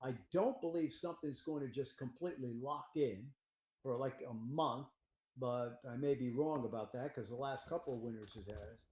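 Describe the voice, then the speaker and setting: Older man, rambling excitable talk, mellow tone, echoey room. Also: medium pitch, moderate pace. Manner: rambling, excitable, laughs at own jokes. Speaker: meteorologist guest. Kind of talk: casual forecast discussion.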